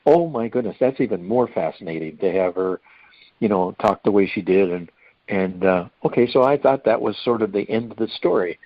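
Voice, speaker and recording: Older male guest, folksy rambling storyteller; low-pitched, muffled and dry. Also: expressive, normal speed, dry recording. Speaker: hospice volunteer guest. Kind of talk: anecdotal storytelling in an interview. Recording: dull lo-fi dry recording.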